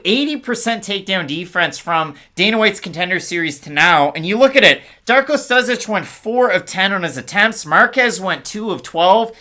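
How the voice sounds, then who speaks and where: Male podcast co-host, bright tone, casual stat-heavy fight talk. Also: high voice. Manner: stat-heavy, rapid-fire breakdown.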